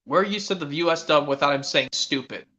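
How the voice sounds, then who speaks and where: A man chatting casually on a stream as a guest, speaking quickly with hesitant restarts. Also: a little high, sharp tone. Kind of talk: casual chat. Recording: lo-fi online voice chat.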